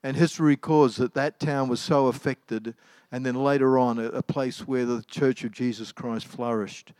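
A middle-aged man preaches a sermon casually, like he's telling a story, full of ums, fillers and restarts. His mid-range voice is darkish, clear and resonant, with fairly even intonation at a moderate pace. The recording is dry.

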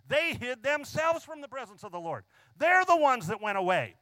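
A man preaching a sermon in a fairly high voice, leaning hard on key phrases and stretching them out. He keeps asking his listeners questions. The sound is dry and close, with no room echo. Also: very animated, moderate pace, sharp tone. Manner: asks the congregation frequent rhetorical questions.

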